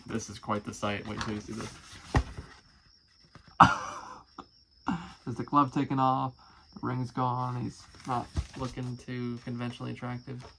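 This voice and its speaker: A man's voice: mid-range voice, little pitch movement, measured pace, gravelly, pauses often, background noise. Amused man reading aloud casually. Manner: amused, chatty, swears casually. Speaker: musician and video creator.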